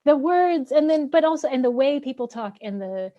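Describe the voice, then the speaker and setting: A woman's voice: high-pitched, expressive, normal speed, muffled recording. Rambling enthusiastic woman host. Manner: enthusiastic, rambling, many fillers. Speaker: interview host. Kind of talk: casual video-call interview.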